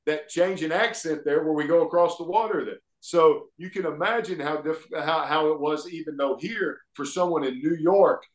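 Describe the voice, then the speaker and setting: A middle-aged man with an Alabama Southern accent, a guest telling stories in a folksy, animated way. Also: on the high side, moderate pace, few pauses. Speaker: guest, former pro wrestler. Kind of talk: casual storytelling interview. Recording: echoey room.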